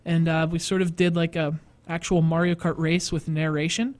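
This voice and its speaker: A man's voice: on the high side, little pitch movement, normal speed. A man hosting a live stream, rambling and self-mocking as he chats and laughs often. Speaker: host. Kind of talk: casual live stream chat. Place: studio.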